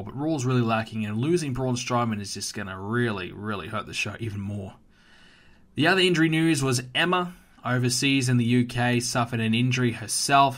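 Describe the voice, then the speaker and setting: A man's voice: medium pitch, a bit bright. A young Australian man hosting a solo wrestling podcast, ranting emphatically with plenty of fillers and restarts. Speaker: podcast host.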